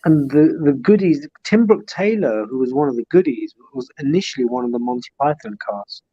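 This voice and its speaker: A man's voice: medium pitch, animated, brisk, dark tone, breathy edge, dry recording, lo-fi sound. A man hosting a livestream on a video call, chatting at length and reminiscing in detail. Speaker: livestream host. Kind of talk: casual chat.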